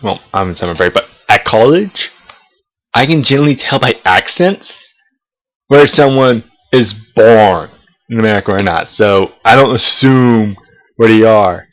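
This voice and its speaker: A man's voice: on the low side, expressive, unhurried, rough recording. Rambling young man vlogging. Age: young adult. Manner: rambling, profane, hesitant restarts. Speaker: college student vlogger. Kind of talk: casual talking-head vlog. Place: South of the United States.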